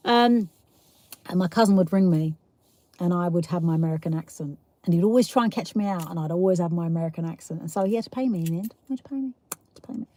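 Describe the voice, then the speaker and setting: A woman's voice: medium pitch, expressive, normal speed, pauses often, darkish tone, no echo. Chatty South East London woman. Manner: chatty, laughs often, rambling asides. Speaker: livestream host. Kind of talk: casual live chat reading comments.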